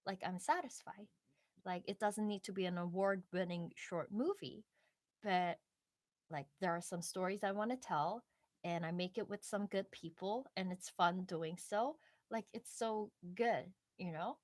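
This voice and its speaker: A woman's voice: mid-range voice, dry recording, clean studio sound. A young woman in casual live-stream chat, rambling and reflective with many fillers.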